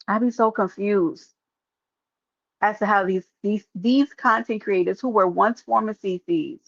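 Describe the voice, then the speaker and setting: A woman live streamer, sharing her opinion in casual, animated talk and calling out viewers in chat by name. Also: mid-range voice, slow pace, creaky, pauses often, no echo, muffled recording.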